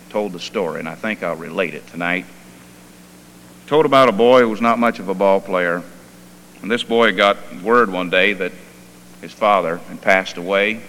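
A male pastor preaching a sermon. He tells stories softly, then rises into fervent preaching. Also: deep voice. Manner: quiet storytelling that swells into fervent preaching. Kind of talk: sermon with personal storytelling. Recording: long reverb and faint hum.

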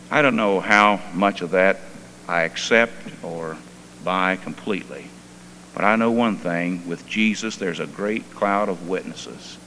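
A male pastor preaching a sermon. He tells stories softly, then rises into fervent preaching. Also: low-pitched, unhurried. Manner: quiet storytelling that swells into fervent preaching. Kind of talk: sermon with personal storytelling. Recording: long reverb and faint hum.

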